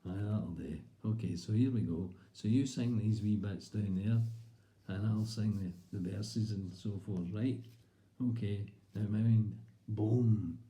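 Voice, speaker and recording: A man's voice: on the low side, a little slow, mellow. A man with a Scottish accent, telling a comic story in a rambling, chatty way. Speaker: comedian. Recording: roomy echo.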